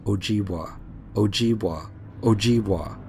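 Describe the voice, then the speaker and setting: A male narrator voicing a menacing skeletal wendigo creature that chants slowly in a low voice. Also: darkish tone, slight background noise, close to an everyday voice. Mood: eerie chanting.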